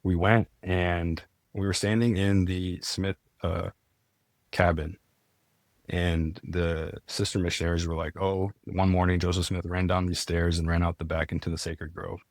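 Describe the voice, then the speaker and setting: A man's voice: deep voice, flat delivery, a little slow, no echo, clean studio sound. A young man, a podcast guest, telling his story in a casual, earnest way, full of "like" and restarts. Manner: earnest, many "like" fillers and restarts.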